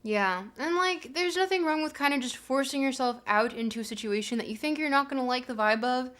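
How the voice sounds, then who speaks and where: Woman streamer, casual chatty host, meandering and full of fillers, slightly raised pitch. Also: brisk, fairly bright tone. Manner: rambling, filler-heavy, thinking aloud. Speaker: livestream host. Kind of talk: casual livestream chat.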